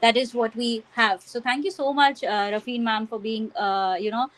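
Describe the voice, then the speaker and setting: A woman's voice: a little high, fairly even intonation, normal speed, a bit bright, poor audio. A woman with an Indian English accent teaching pronunciation on a webinar video call, earnest and explanatory, with many fillers. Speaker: phonics and language trainer, guest.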